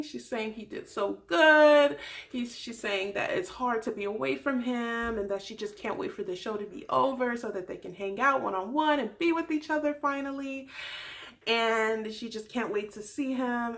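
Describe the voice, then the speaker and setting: Young woman, vlogger, casual recap, exasperated, animated, mid pitch. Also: vocal fry. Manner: animated, exasperated, acts out quoted dialogue. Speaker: vlogger recapping a reality show.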